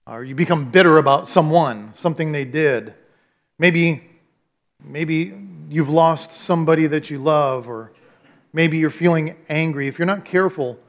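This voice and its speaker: High-voiced pastor preaching with emphasis. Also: male voice. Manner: repeats key phrases, conversational, emphatic. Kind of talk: sermon.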